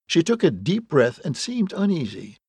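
A man narrating an audiobook with wry, deadpan storytelling and a gravelly, husky voice. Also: on the high side, moderate pace, no room sound. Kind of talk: scripted narration.

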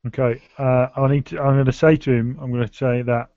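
A man playing a tabletop game, talking quickly and eagerly and often repeating himself. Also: mid-range voice, steady tone, warm tone, no room sound. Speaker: player. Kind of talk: casual tabletop play. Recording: dull dry lo-fi recording.

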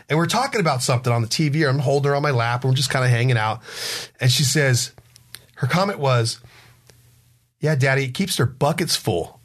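Rambling middle-aged man telling family stories. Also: medium pitch. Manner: rambling, halting storyteller who restarts sentences; acts out family members' lines in the stories. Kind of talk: casual storytelling chat.

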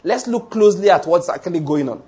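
A male pastor preaching a sermon, animated and humorous, acting out little anecdotes. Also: high voice, quick pace, husky.

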